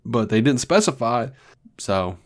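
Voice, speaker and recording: A man's voice: medium pitch, animated, a little slow. A man co-hosting a podcast, chatting casually and reading listener feedback aloud. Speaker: podcast co-host.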